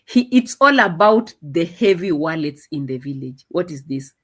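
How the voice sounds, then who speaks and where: Animated woman doing commentary. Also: normal speed. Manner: animated, mocking, jumps into high mimicking voices. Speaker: reaction commentator. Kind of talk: casual commentary.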